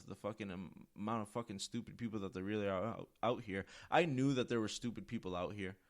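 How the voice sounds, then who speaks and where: A man with a notably deep, low-pitched voice hosts his own show in a loose, rambling monologue. He swears constantly and talks with blunt, emphatic energy. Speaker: podcast host. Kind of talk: casual monologue.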